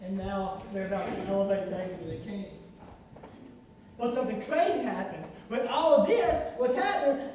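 A man preaching a sermon, telling a story in an animated, fast, breathless way. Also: high-pitched, slight background noise. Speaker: pastor. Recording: echoey hall, far from mic.

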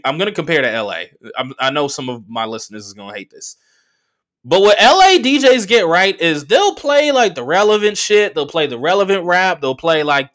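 A man from the Bay Area hosting a solo podcast, telling stories in a loose, profane, animated way and laughing often. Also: a little high. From San Francisco Bay Area. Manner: animated, profane storytelling with mocking voices and laughs. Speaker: podcast host. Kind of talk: casual solo podcast monologue, storytelling.

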